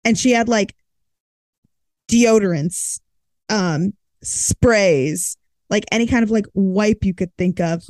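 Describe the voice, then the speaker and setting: A young woman co-hosts a podcast in easy conversation, dropping wry little quips between stories. Her voice is mid-pitched and recorded dry and close, with no room sound. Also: slow pace, a little mellow, no room sound. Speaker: podcast co-host. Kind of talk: casual chat.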